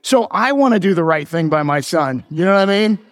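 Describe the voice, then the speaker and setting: A man's voice: sits high, lively intonation, a little fast, no room sound, big-room sound. A pastor in his forties, preaching a sermon in a church, mixing joking teases with earnest preaching. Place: church sanctuary.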